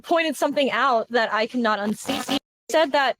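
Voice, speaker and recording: A woman co-hosting a podcast, chatting casually and halting, with repeated words as she thinks. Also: high-pitched, fairly bright tone, no room sound. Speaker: podcast co-host. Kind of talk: casual chat.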